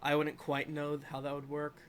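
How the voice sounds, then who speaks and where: A man's voice: fairly high pitch, completely flat delivery, normal speed, fairly bright tone, a little hiss or hum. A man narrating a tabletop game as dungeon master, rambling and filling gaps with ums and uhs. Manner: rambling, full of fillers.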